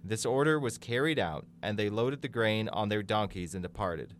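A man giving a measured, scripted Bible reading, lending quoted speakers more emphasis. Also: on the low side, a little hiss or hum. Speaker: Bible reader.

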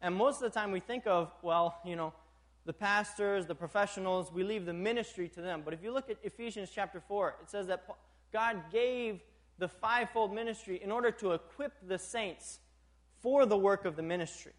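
A young man delivers a sermon in a notably high voice. He keeps it animated, chuckles often and keeps checking that his listeners are with him. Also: moderate pace. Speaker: preacher.

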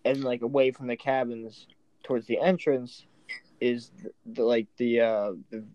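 Relaxed guy, warm and dark, muffled lo-fi mic, loose rambling chat. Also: mid-range voice, a little slow, no echo. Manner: laid-back, joking reactions, loose rambling description. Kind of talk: casual chat.

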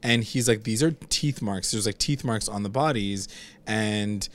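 A man's voice: fairly low pitch, unhurried, fairly bright tone. A man co-hosting a casual TV recap chat, heavy on fillers and swearing, acting out characters' lines. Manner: profane, filler-heavy, acts out quotes.

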